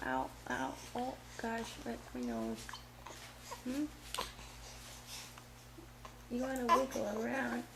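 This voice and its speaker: A woman cooing baby talk to an infant in a home video, softly coaxing and repeating her questions. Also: on the high side, vocal fry, echoey room. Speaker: parent talking to a baby. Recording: noisy home video recording.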